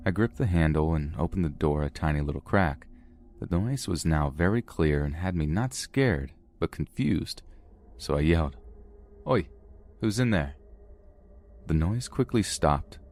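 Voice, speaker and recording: A man reading a first-person horror story in a steady, measured way. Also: low voice, a little hiss or hum. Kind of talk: scripted first-person narration.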